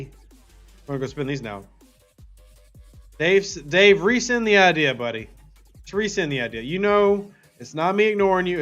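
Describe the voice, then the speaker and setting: A man's voice: on the high side, a bit bright, lo-fi sound. A man hosting a casual gaming livestream, reading viewer chat aloud and answering playfully. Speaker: livestream host.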